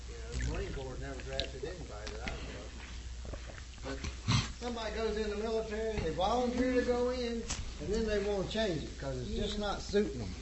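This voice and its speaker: A man's voice: on the high side, reverberant, far from the mic, poor audio. A man from the congregation in a church, speaking up during the sermon in a casual, conversational way. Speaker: congregation member.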